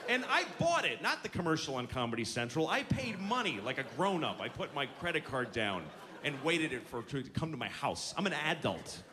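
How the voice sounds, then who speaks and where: A man in his forties doing a grumpy stand-up rant that swerves between loud outbursts and low mumbled asides. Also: sing-song, brisk. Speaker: stand-up comedian. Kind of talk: stand-up routine. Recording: noisy ambience behind.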